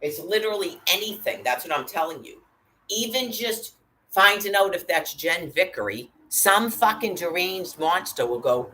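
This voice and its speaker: A woman's voice: lowish voice, animated, normal speed, pushed and bright, a little hiss or hum, rough recording. A woman delivering an angry, profane rant, cursing constantly and hurling threats.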